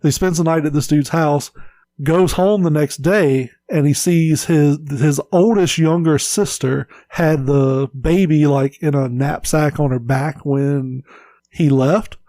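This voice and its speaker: A man's voice: on the high side, steady tone, slow, warm tone, no room sound. A man co-hosting a casual podcast, rambling through a story and swearing freely. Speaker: podcast co-host.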